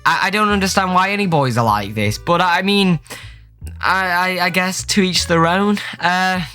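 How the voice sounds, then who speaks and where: A man's voice: high voice, moderate pace, sharp tone, faint music behind. A man reading out dating-app chats as a comedy vlog, sarcastic and stumbling over his words. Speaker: YouTuber. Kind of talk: comedic reading of chat messages.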